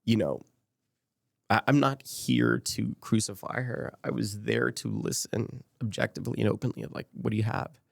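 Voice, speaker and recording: Low gravelly-voiced man telling a personal story. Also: sing-song, normal speed, no room sound, studio quality. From Las Vegas, USA. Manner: reflective, retells conversations in quoted dialogue. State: emotional, choked up at times. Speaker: podcast guest. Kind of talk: candid personal storytelling in an interview.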